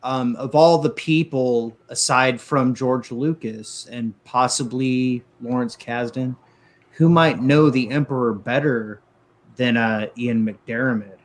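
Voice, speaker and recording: A man speaking in a measured way as a podcast co-host in casual chat. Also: mid-range voice.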